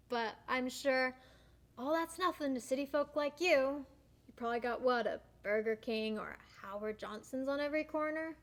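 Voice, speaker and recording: A young actress playing a blunt, teasing younger sister in a student stage play. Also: female voice, high voice, normal speed, close to an everyday voice. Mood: needling. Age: young adult. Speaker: actor.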